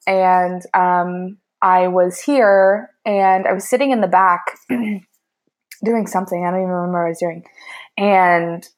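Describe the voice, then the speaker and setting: A woman's voice: lowish voice, a little slow. A woman baker, a podcast guest, telling a story casually with lots of laughter and fillers. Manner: animated, laughing, many fillers like "like" and "um". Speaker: baker and cookbook author guest.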